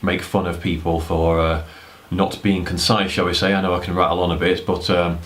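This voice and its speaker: A young man with a deep, low voice talks straight to camera in a loose, rambling way. He is blunt and drops in a curse word here and there. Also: little pitch movement, normal speed, fairly bright tone. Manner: rambling, blunt, swears casually. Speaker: dating advice vlogger. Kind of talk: casual talking-head advice.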